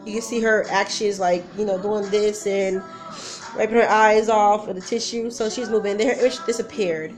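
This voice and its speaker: In a medium-pitched voice with fairly even intonation and normal speed, a woman tells a personal story on a casual vlog. She's nervous and emotional, rambling and often trailing off mid-sentence. The camera mic records her at home with a song playing loudly behind her.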